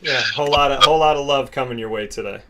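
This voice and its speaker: A young man hosting a casual interview, telling stories in an animated, emotional way. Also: medium pitch, fast, a crowd in the background. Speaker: podcast host.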